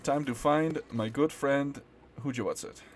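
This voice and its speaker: A man's voice: mid-range voice, unhurried, noisy background. Man streaming a game, reading dialogue aloud. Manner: reads in varied dramatic voices, blurts casual reactions.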